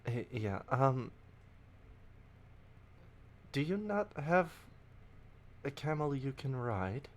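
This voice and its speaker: A man's voice: mid-range voice, big pitch swings, drawn-out words, pauses often, pitched above the performer's own voice. A man voicing a practical female spellcaster in his own voice, with a dry, teasing manner. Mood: wry.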